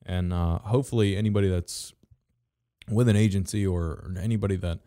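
A man co-hosting a casual business chat, halting with many fillers and restarts, with dry sarcastic asides. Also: deep voice, steady tone, dark tone, dry recording. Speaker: podcast co-host.

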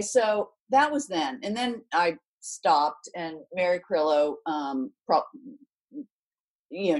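A woman's voice: medium pitch, rough recording. A woman in her sixties, a former athlete and sports commentator, telling stories in a casual interview and acting out quotes. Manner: animated storytelling, acts out quotes in other voices. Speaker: guest, former tennis champion and commentator.

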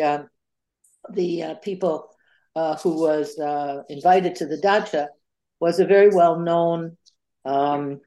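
Older woman historian, low and halting. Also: darkish tone. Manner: halting, many fillers and restarts. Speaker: author and historian guest. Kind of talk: podcast interview.

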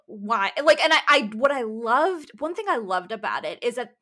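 A woman's voice: fairly high pitch, lively intonation, normal speed, sharp tone. A woman talking in a casual chat, rambling and emphatic with many restarts.

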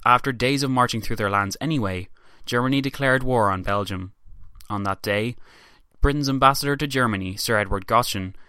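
A man narrates history from a script in a measured, formal way. His voice has a bright, forceful edge. The sound is dry and close to the mic. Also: mid-range voice, clear, resonant tone, no room sound.

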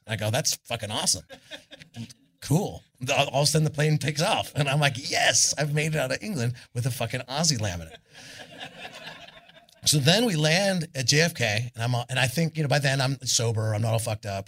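Rock singer, husky man, animated storyteller, swears freely, does the voices. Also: medium pitch, a little fast. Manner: animated, swearing, acts out the people in his story. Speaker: guest musician. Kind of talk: live on-stage storytelling. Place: live club stage before an audience.

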